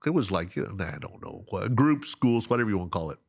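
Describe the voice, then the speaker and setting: Deep-voiced man telling a fishing story. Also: fast talker, creaky, no room sound, studio quality. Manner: animated, laughs often, acts out dialogue. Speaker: guest. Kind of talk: casual storytelling.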